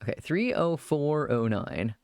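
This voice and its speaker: A man's voice: fairly high pitch, big pitch swings, a little slow, darkish tone, smooth, dry recording, studio quality. A man chatting casually on a live stream, rambling at length and thanking viewers as they follow.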